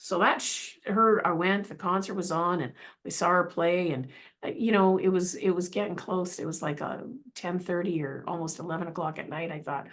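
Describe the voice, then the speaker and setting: This healing practitioner, a middle-aged woman, speaks at an ordinary pace in a lowish voice with fairly even intonation. She recounts a personal story earnestly and casually, rambling, restarting, and slipping in asides.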